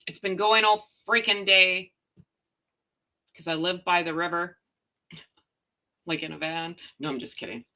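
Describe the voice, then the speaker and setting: A Canadian woman hosting a casual live chat from home, chatty and quick to laugh as she talks to her viewers and her dogs. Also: medium pitch, bright, forceful tone. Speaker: livestream host.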